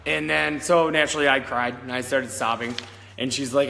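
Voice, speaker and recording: A man's voice: medium pitch, fairly even intonation, normal speed, creaky, sharp tone, long reverb tail, a little hiss or hum. A man in his thirties, a psychic medium, telling a personal story in a rambling, candid, casual way, often checking in with "all right?" and swearing now and then. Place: old country schoolhouse, indoors.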